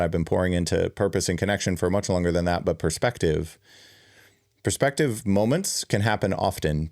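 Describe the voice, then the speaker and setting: A man's voice: sits low, darkish tone, dry recording, studio quality. A man hosting his own show, earnestly telling a personal story in a reflective way, with frequent fillers and restarts. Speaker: podcast host and keynote speaker.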